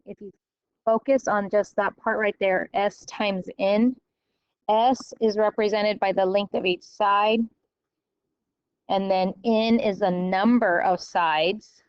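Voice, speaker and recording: A woman teacher explaining a math lesson step by step, often pausing to check with "okay?". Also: medium pitch, steady tone, smooth, no room sound, dull audio. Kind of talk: recorded classroom lecture.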